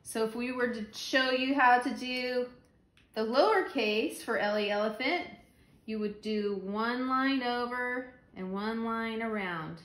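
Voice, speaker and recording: A woman teaching a phonics lesson to young children, slow and patient, repeating the letter sounds. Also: a little high, a bit bright, echoey room.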